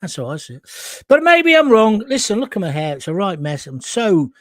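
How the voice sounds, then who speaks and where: Man, live-stream host, fairly high voice, dry close sound, blunt and emphatic, answers viewer comments, hot and sweaty. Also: animated, fairly quick, dry recording. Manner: blunt, emphatic and opinionated, with mild swearing.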